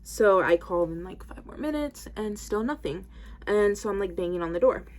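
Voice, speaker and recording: A woman's voice: mid-range voice, animated, normal speed. A woman in her twenties telling a story casually to camera, full of "like" and "um", while doing her hair. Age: 20s. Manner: rambling, heavy use of "like" and "um". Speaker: vlogger.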